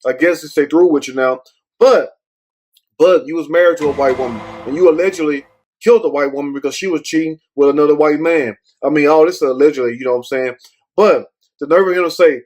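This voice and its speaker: A man's voice: fairly high pitch, quick pace. Rambling, profane male commentary host. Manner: rambling, repeats "but anyway"; blunt, profane. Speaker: show host. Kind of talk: casual commentary.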